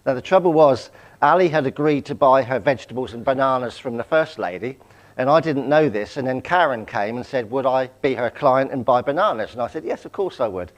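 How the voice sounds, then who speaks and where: A man's voice: medium pitch, lively intonation, brisk, muffled recording. A man in his sixties from Southampton, giving a personal testimony talk as a guest speaker, anecdotal with self-deprecating humour. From England, Southampton. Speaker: guest speaker, charity chief executive.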